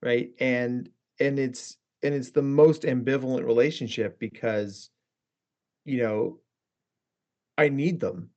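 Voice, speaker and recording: A man's voice: medium pitch, takes it slowly, darkish tone, dull audio. A man who is a therapist and podcast guest, chatting casually and rambling with many asides. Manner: rambling, lots of fillers and asides.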